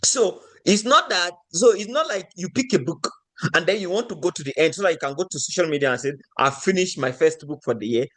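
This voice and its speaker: A man from Nigeria giving a motivational teaching talk, often putting rhetorical questions to his audience. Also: a little high.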